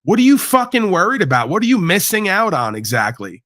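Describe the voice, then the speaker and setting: Man host, high and bright, dry close sound, preachy profane rant. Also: big pitch swings, brisk, dry recording. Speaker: livestream host. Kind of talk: ranting monologue.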